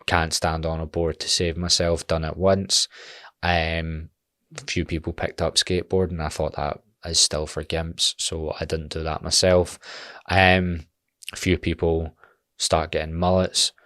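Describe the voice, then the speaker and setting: A man's voice: rumbling low, flat delivery, a little slow, a bit bright, dry recording, clean studio sound. A Scottish man in his twenties talking bluntly and animatedly in a casual podcast monologue, swearing freely. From Scotland. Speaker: podcast host.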